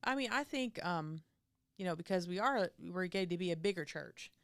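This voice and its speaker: Cheerful low-voiced woman in church chat. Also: animated, normal speed, smooth, dry recording, studio quality. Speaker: church ministry leader. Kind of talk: casual chat.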